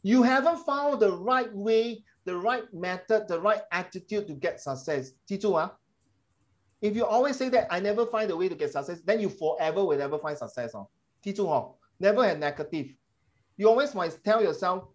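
A middle-aged man, a teacher giving animated, emphatic feedback to his class and slipping into Mandarin phrases. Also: high-pitched, normal speed.

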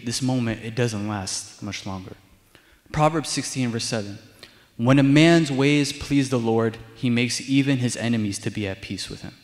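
A man's voice: mid-range voice, long reverb tail. A man preaching a sermon as a deacon, telling stories conversationally and repeating his key lines. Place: church sanctuary.

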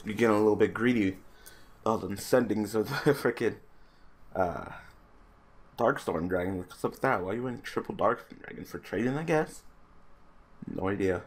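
Playing an online card game, a man who makes gaming videos on YouTube offers laid-back, mumbled commentary. His voice is on the low side, with a moderate pace and long pauses, and he curses as his frustration with his opponent builds.

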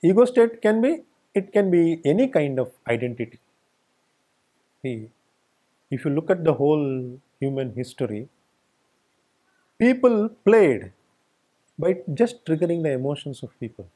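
A male spiritual teacher delivers a satsang talk in a fairly high, husky voice. His pitch rises and falls animatedly as he stacks up repeated phrases for emphasis. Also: big pitch swings, measured pace, pauses often, mellow. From India. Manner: emphatic, repetitive lists. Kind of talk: satsang discourse.

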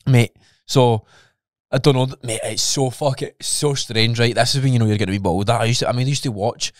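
A laid-back young Scottish man in a relaxed podcast chat, swearing freely. His voice sits at an ordinary pitch, and the recording is dry and close. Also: a little fast, dry recording. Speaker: podcast co-host. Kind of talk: casual chat.

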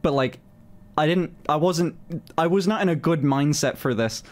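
A man telling a story on his stream in a casual, animated way, swearing often and filling his talk with "like". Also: fairly high pitch, moderate pace. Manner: animated, swears a lot, many fillers.

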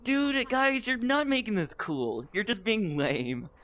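A male gameplay host teasing his friends in excited gaming commentary, with loud outbursts. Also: high voice, unhurried.

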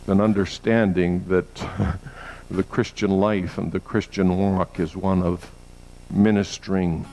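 A male pastor preaching a sermon, with steady, conversational stretches that climb into loud, emphatic peaks. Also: slow, a little hiss or hum, rough recording. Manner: builds to loud, high emphatic peaks, with frequent uh fillers.

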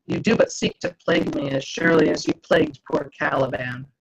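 A woman's voice: sits low, steady tone, brisk, vocal fry, husky, full character voice. A woman author voicing an earnest, bookish young girl who speaks in archaic phrasing while reading aloud. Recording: dull lo-fi video call audio.

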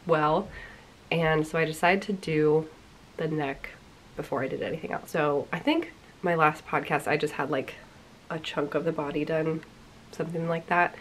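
Congested, low-voiced woman chatting casually. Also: slight background noise. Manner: chatty and self-deprecating, with little laughs. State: congested, sick voice. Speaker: knitting podcast host. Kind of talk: casual chat.

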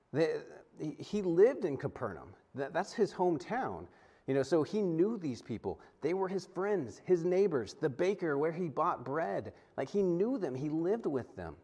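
Lively conversational man preaching. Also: on the high side, slightly rough. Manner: conversational, animated, frequent restarts and acted-out quotes. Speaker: pastor. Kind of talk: sermon.

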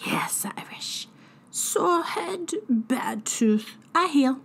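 A woman's voice: high-pitched, expressive, very slow, creaky, fairly bright tone, voice pushed up, heavily acted. A woman voicing an old, drunken female fairy healer who talks in whispery, broken speech. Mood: cagey.

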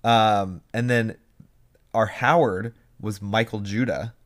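A young man co-hosting a casual podcast, speaking in a somewhat low voice. He tells stories in quick, animated bursts and slips into little impressions of people. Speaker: podcast co-host. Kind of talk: casual chat.

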